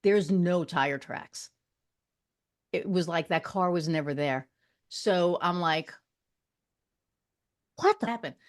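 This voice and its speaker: Her voice on the low side, a Long Island woman appearing on a podcast chats casually through a personal story. Along the way she offers quick asides to check in.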